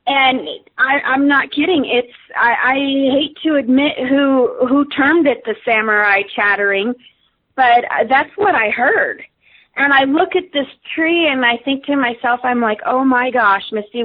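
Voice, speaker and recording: A woman's voice: high-pitched, measured pace. A woman, a radio guest, telling a story casually with many fillers and restarts. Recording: tinny phone line.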